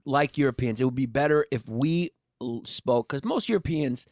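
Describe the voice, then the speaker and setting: A man's voice: mid-range voice, moderate pace, no echo, studio quality. A man, a podcast co-host riffing in a mocking, profane, casual comedic chat. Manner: animated, mocking riffs, profane.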